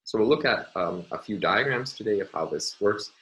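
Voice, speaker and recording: A man lecturing on phonology in a measured, explanatory way, pausing often with "uh" and "um". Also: on the low side, expressive, fairly bright tone, rough recording. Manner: measured, explanatory, with frequent "uh" and "um" pauses. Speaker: university lecturer. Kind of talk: recorded academic lecture.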